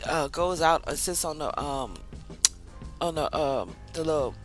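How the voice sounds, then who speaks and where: A woman reviewing a reality TV show in a casual, chatty way. She tells the story with animated asides and acts out what people said. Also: low-pitched, a little slow, faint music behind, low-quality recording. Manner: drawling colloquial speech, calls the viewer 'child'. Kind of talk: casual recap vlog.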